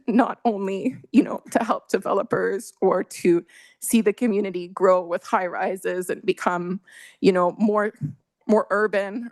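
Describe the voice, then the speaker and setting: A woman's voice: mid-range voice, darkish tone, no room sound. A woman making an earnest, emotional public comment at a council meeting, with frequent fillers. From Canada. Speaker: resident delegate at council meeting.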